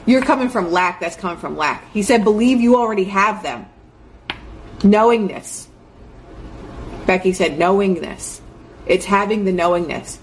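Young woman, casual motivational talk, earnest, chatty, mid pitch, faint background hiss. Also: lively intonation, normal speed, pauses often. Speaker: host.

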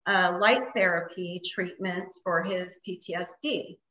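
A woman's voice: lowish voice, measured pace, pushed and bright, roomy sound, rough recording. A woman guest telling a story in casual conversation, rambling with lots of fillers. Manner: rambling, many fillers like "like" and "you know". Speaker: interview guest.

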